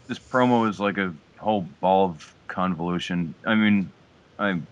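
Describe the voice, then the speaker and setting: Low-voiced man with dry quips, lo-fi. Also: moderate pace. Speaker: podcast co-host. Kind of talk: casual wrestling recap chat. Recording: dull lo-fi mic.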